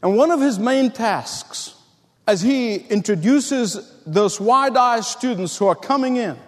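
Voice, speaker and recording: A man's voice: very high-pitched, expressive, slow pace, in a large hall. A middle-aged man preaching a sermon, telling stories and building emphatic repeated lines. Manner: storytelling, emphatic, repetitive build-ups. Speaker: pastor.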